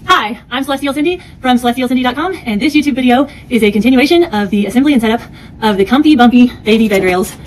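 A woman's voice: a little high, quick pace, distant mic, low-quality recording. A woman hosting a casual home vlog, narrating a product assembly in a rambling way with lots of fillers, indoors at home. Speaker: product reviewer.

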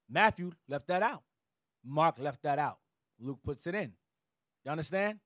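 A fairly high-voiced man leads a scripture class, cutting in to direct the reader and explain each passage in loose everyday slang. The sound is dry and close, with no room echo. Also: lively intonation, moderate pace, pushed and bright. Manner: directive, interjecting "go ahead" and explaining in casual slang. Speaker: teacher leading a scripture class. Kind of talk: Bible class teaching.

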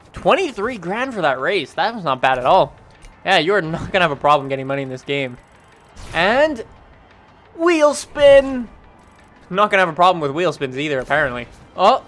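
A young man from Canada giving rambling, excitable let's-play commentary over a racing game, often jumping into high yelps. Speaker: gaming channel host.

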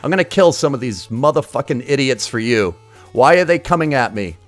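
A man's voice: mid-range voice, animated, brisk, faint music behind. A man streaming retro games, giving casual live commentary in a crude, sarcastic, joking way. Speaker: game streamer.

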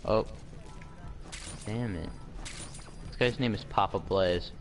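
Very deep-voiced gamer man, swearing. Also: slow. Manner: crude swearing banter, mock-tough taunts. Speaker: online game player. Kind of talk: casual gaming chat. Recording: noisy background.

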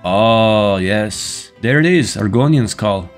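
Low-voiced man joking over gameplay. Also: lively intonation, slow pace, faint music behind. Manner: joking, teasing game characters. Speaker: gaming YouTuber. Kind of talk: casual gameplay commentary.

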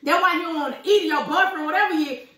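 A young woman chatting excitedly in a casual reaction video, slangy, repeating herself and laughing often. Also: very high-pitched, racing, roomy sound, far from the mic.

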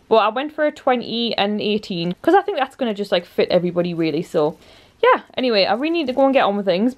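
A woman's voice: medium pitch, a little mellow. A young woman chatting casually to camera at home in a bubbly way, with lots of fillers. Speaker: vlogger. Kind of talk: casual vlog chat. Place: at home indoors.

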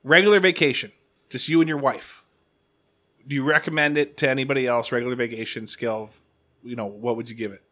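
A man's voice: medium pitch, steady tone, fast talker, pushed and bright. A man co-hosting a podcast, asking questions in casual chat and teasing with frequent laughs. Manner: jokey, teasing, laughs often. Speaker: podcast co-host.

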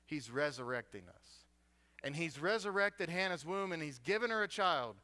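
A man preaches as a guest speaker, telling the story with humor and lively energy. His voice is high and bright, with a forceful edge. He mixes jokes into his sermon in a church. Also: moderate pace.

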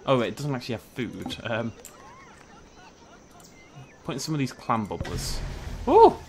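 A man's voice: mid-range voice, expressive, moderate pace, vocal fry, a little hiss or hum. A young man chatting casually through a gameplay video, joking and talking to the animals on screen. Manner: chatty, jokey, talks to the animals, sudden shrieks of surprise. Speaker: gaming video host. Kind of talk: casual let's play commentary.

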